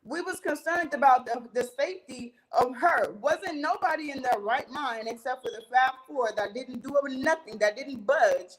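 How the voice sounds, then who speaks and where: A young woman with a notably high voice tells her story in loose, casual talk as an interview guest. She is animated and jumps into other people's lines as she recounts a heated fight. She swears freely. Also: poor audio.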